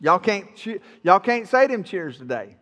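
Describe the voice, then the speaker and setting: High-voiced, bright preacher. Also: male voice, sing-song, unhurried, in a large hall. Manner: folksy, playful preaching that teases the congregation. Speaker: pastor. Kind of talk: sermon. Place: church sanctuary.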